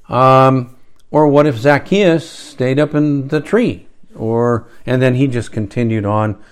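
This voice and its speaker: A man preaching a conversational sermon, rambling along with restarts and rhetorical asides. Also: mid-range voice.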